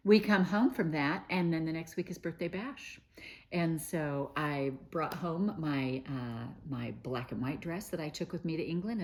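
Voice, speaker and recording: A woman's voice: low-pitched, a little mellow. A middle-aged woman hosting a quilting show, talking in a chatty, gushing way with many fillers and restarts. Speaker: host of a quilting news show. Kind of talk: casual chat to camera.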